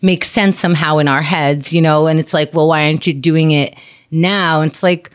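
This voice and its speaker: A woman's voice: sits low, fairly even intonation, normal speed, clear, resonant tone. A woman hosting a casual advice podcast, chatty and acting out quoted lines. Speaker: podcast host.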